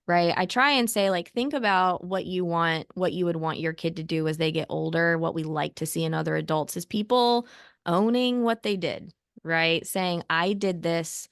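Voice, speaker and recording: A woman in her thirties, a therapist co-host, giving calm, reassuring parenting advice in a conversational way. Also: fairly low pitch, clear, resonant tone, dry recording, clean studio sound.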